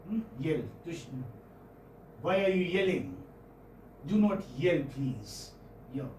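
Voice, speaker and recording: Heard from far off in a reverberant room with a faint bit of noise, this man's fairly high, sing-song, slightly mellow voice belongs to an English professor with an Indian English accent. He is teaching phonetics in class, frequently pausing and repeating words. To confirm his students are following, he keeps asking "hmm?" and "okay?".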